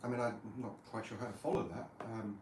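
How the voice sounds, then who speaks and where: A man hosting a live podcast interview, quick and dry, teasing his guest. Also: mid-range voice, steady tone, darkish tone. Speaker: host. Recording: roomy live venue, distant mic, faint room noise.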